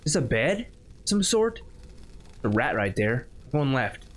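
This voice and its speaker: A man's voice: mid-range voice, sing-song, measured pace. A man on a YouTube channel giving nervous, chatty running commentary while playing a horror game. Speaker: YouTube gamer.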